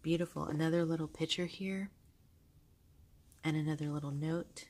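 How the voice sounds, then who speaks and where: Woman vlogger, low voice, gushing casual chat, soft-spoken. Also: steady tone, moderate pace. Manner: gushing, soft-spoken, with frequent fillers and laughs. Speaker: vlogger showing a journal. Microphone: handheld camera held close.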